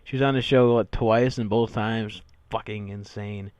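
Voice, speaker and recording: A man's voice: fairly low pitch, steady tone, normal speed, a little mellow, no echo, dull audio. A man co-hosting a casual podcast, telling stories in a crude, profane, ranting way. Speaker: podcast co-host.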